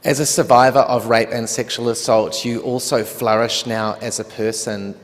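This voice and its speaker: A man with an Australian accent hosting an award ceremony, asking questions in a gentle, supportive way. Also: mid-range voice, fairly even intonation, normal speed. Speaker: ceremony host. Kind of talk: on-stage interview and hosting. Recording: long echo of a hall.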